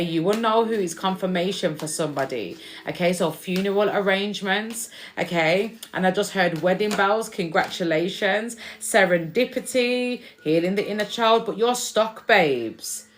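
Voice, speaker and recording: A woman's voice: on the low side, slight background noise. A woman giving a casual spiritual tarot reading to camera, chatty, checking in with "okay?" and calling viewers "babes". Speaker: tarot reader.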